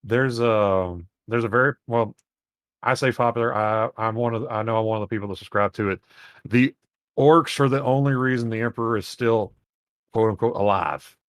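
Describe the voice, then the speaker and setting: A young man hosting a casual podcast, rambling and animated and swearing freely as he talks. His voice sits at an ordinary middle pitch. The recording is dry, with no room sound. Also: normal speed, no room sound. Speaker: podcast host.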